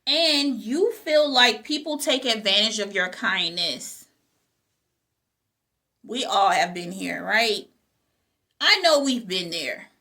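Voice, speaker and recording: Emphatic bright-voiced woman host. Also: mid-range voice, expressive, slow pace, long pauses. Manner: emphatic, repeats key phrases, asks "okay?". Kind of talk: motivational talk to viewers.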